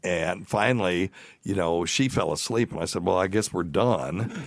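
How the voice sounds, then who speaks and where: A man's voice: low-pitched, normal speed, no echo. A middle-aged man hosting a podcast, telling a crude, rambling anecdote in casual chat. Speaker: podcast host.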